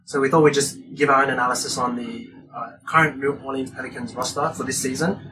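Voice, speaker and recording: A man's voice: medium pitch, steady tone, fast. Laid-back male co-host. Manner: laid-back, steering the show. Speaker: podcast co-host. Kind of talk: casual podcast banter. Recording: distant mic, noisy.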